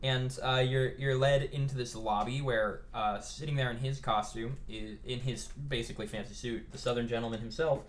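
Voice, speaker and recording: A man's voice: medium pitch, fairly even intonation, normal speed, hardly any pauses, slight background noise. A man narrating as game master of a tabletop game, laid-back and joking with his players, often correcting himself mid-sentence.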